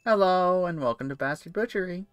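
A man's voice: high-pitched, brisk, a bit bright, smooth, dry recording, faint music behind, pitched above the performer's own voice. A man voicing a chirpy male butcher who welcomes customers into his shop with sing-song salesman patter. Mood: cheery welcome.

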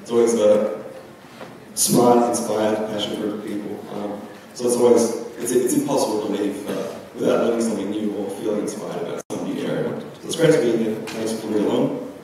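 A young man gives a philosophy talk at a conference in a large lecture hall, loose and chatty with frequent ums. His voice is on the low side, mellow, brisk and fairly even in intonation, with a little hiss or hum, recorded from far off in an echoey hall.

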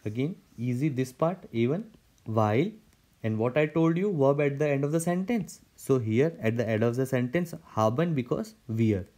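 A man's voice: medium pitch, normal speed, mellow. Man explaining grammar step by step. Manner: repetitive, step-by-step, frequent restarts and "okay, so". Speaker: German language teacher.

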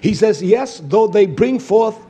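A male preacher with a high-pitched voice delivers a fiery sermon. He drops to near-whispers, then climbs into loud, shouting bursts. It is a raw, emphatic pulpit style. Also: lively intonation, measured pace, breathy edge. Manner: impassioned preaching that swings from hushed to shouted.

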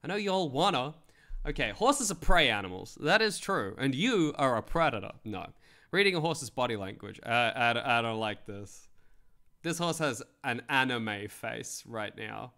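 A man's voice: medium pitch, a little slow. A young man streaming, joking and swearing as he reads web articles aloud. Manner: joking, animated, swears freely. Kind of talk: casual commentary reading web articles.

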